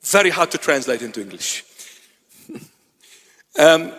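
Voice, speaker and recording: A man, a bishop and native Assyrian speaker, preaching a sermon in a church, animated, with teasing asides to his congregation. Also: on the high side, measured pace, long pauses, in a large hall.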